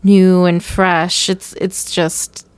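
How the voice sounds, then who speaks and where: A woman chatting casually and giving her opinions in a measured way. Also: on the low side, little pitch movement, smooth, no echo. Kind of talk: casual chat.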